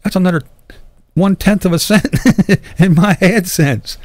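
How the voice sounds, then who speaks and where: A man's voice: high-pitched, a little slow, no room sound. An older man hosting his own channel, chatting casually with viewers and answering their comments in a blunt, profane way, laughing often. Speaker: YouTube channel host.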